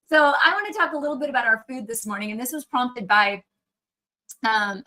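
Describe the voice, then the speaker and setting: Upbeat chatty woman, bright voice. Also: fairly high pitch, low-quality recording. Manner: chatty and upbeat, talking to viewers. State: frog in her throat, clearing it. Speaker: naturopathic doctor hosting a live Q&A. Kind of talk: casual livestream chat. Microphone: external microphone on a livestream.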